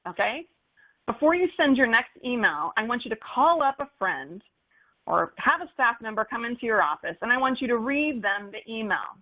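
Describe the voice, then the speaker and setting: A woman giving an upbeat, animated lesson on email copywriting for golf courses, using playful examples. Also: fairly high pitch. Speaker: marketing instructor for golf courses. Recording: phone-like narrow sound.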